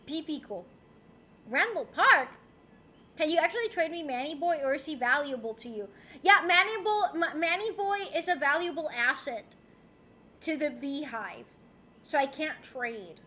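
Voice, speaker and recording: Bright high-voiced woman streamer. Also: animated, moderate pace, slight background noise. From Puerto Rico. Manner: chatty, giggly, playful, answers chat messages. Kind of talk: casual livestream chat, reading chat aloud.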